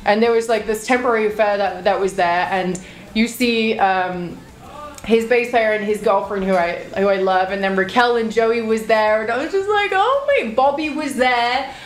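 A woman's voice: mid-range voice, steady tone, moderate pace, reverberant. A woman in her thirties casually telling a story to her stream chat. She is chatty and swears freely.

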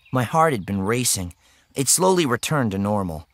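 A man narrating a children's story in the first person, expressive and animated. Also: mid-range voice, normal speed, no room sound. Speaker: audiobook narrator.

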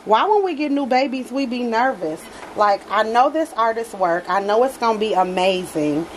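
A woman's voice: a little high, expressive, moderate pace, a little hiss or hum, poor audio. A woman chatting casually to her viewers in a home nursery as she unboxes a doll, gushing and affectionate and often calling them y'all. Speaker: reborn doll collector vlogger.

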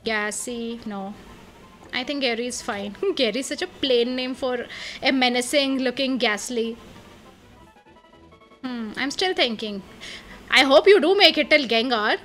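An excitable woman narrates her own gameplay, her voice pitched high and ringing bright. She thinks out loud, trailing off in fillers and restarts. Soft game music runs underneath. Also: unhurried, pauses often. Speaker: let's play gamer. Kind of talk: casual game commentary.

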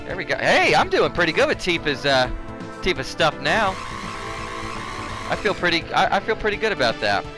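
A man's voice: a little high, big pitch swings, moderate pace, pauses often, poor audio. A man casually commenting while playing a game, rambling and chatty and laughing at himself. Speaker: let's play host. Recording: game music underneath. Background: game music.

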